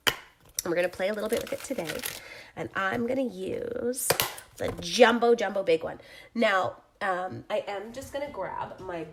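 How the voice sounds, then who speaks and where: A woman hosting a casual live crafting stream speaks at medium pitch and a moderate pace, with a little hiss or hum on the audio. She has a cold and sounds flustered and chatty as she talks to viewers, moving away from the camera.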